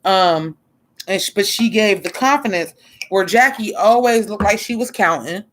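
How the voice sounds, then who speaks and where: A woman streaming her take on a drag show, blunt and expressive, cursing freely and answering viewers in a relaxed, chatty flow. She keeps her tone casual and outspoken throughout. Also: medium pitch, normal speed. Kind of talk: casual livestream commentary.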